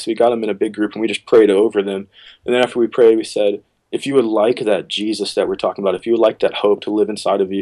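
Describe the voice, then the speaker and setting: Relaxed low-voiced man telling a story. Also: poor audio. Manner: relaxed storyteller, acts out quotes with sudden pitch jumps. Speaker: worship leader, podcast guest. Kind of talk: casual storytelling on a podcast.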